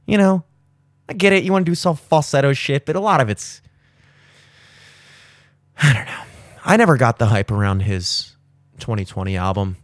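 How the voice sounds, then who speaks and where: A man's voice: moderate pace, long pauses, no echo. Profane, opinionated man in a dry studio. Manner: profane, opinionated rambling with animated jumps in pitch. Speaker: podcast host. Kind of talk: casual chat.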